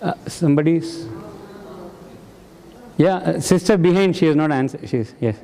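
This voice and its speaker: A man's voice: a little high, moderate pace, vocal fry, dark tone. A man leading an interactive spiritual class who quizzes his audience and praises their answers. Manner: questioning and encouraging the audience. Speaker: satsang discussion leader. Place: large hall with an audience. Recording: reverberant hall.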